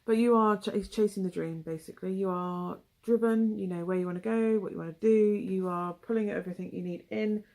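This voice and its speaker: A woman's voice: medium pitch, fairly even intonation, brisk, hardly any pauses, darkish tone. A young woman with a West Country English accent giving a casual, rambling tarot reading, full of asides and ums. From England. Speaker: tarot reader.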